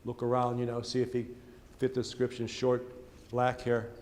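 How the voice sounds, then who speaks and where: A man's voice: mid-range voice, completely flat delivery, normal speed, darkish tone. An older man, a priest, telling a long personal story during a sermon in a folksy, chatty way, with asides to the congregation. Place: church. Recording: church hall reverb with faint ambience.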